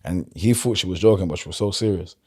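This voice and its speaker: A man with a South London accent, chatting casually as a podcast guest and telling stories in a relaxed, loose way. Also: low-pitched, fast, slightly rough. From London, England. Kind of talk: casual conversation.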